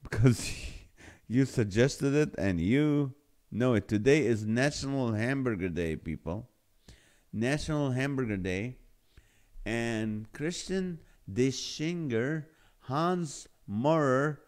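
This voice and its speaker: A man's voice: medium pitch, lively intonation, slow pace, a little mellow. A middle-aged man hosting a live stream, reading viewer comments aloud in casual chat and laughing often at the jokes. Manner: laughs often, jokey and playful. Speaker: live show host.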